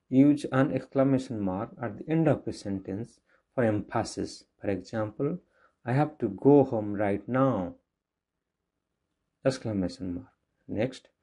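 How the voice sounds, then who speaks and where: A man with an Indian English accent teaching a grammar lesson to children, explaining slowly and repeating himself. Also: medium pitch, mellow. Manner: slow, repetitive explaining with restarts.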